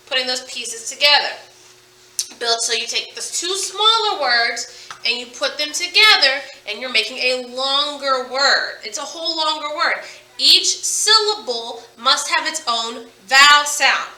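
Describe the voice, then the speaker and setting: A woman teaching a phonics lesson to children, sounding out words slowly and with emphasis. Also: high voice, expressive, pushed and bright, recorded from a distance. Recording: echoey room, voice from off-mic.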